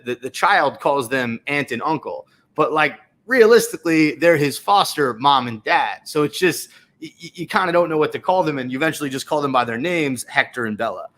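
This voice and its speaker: A young adult man co-hosts a laid-back film review podcast, sounding hesitant with lots of fillers and restarts as he puts questions to his co-host. His voice is mid-range with a fairly bright tone.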